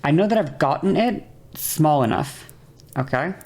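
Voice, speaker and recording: A woman streaming live, explaining voice technique to her chat in a loose, casual way. Her voice sits low for a woman. She rambles, restarts her sentences and keeps apologizing. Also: expressive, a little slow, a little mellow.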